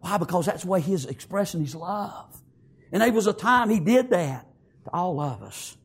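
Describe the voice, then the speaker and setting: High, gravelly preacher man. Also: lively intonation. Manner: repetitive, halting preaching that swells into tearful, emphatic exclamations. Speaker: pastor at a memorial service. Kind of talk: emotional funeral sermon. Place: church sanctuary.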